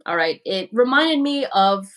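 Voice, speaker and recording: Hosting a livestream, a young woman responds to her viewers' comments with casual frankness and lots of "like" and "you know." Her mid-range voice is fairly bright, with lively intonation and a measured pace.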